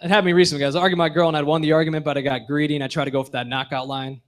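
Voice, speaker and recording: On a bar stage, a young man performs a stand-up comedy set with rapid-fire, punchy deadpan delivery, dropping his voice low for asides.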